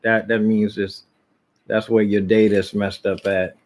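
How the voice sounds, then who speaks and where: A man's voice: lowish voice, flat delivery, unhurried, darkish tone. A man casually vlogging at home, rambling and jumping between topics with many restarts.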